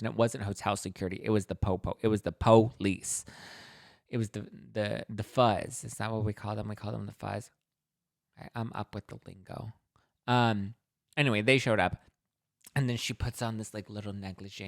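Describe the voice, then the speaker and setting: A man's voice: on the low side, fairly even intonation, brisk, fairly bright tone, no echo, clean studio sound. A man hosting a gossipy book recap, talking in a catty, sarcastic, chatty way. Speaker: host.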